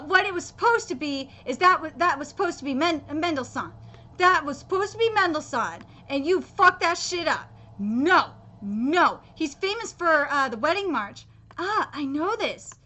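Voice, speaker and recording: A woman's voice: sits high, bright, forceful tone. A woman streamer ranting through a live anime reaction, exasperated and profane, with frequent fillers and restarts.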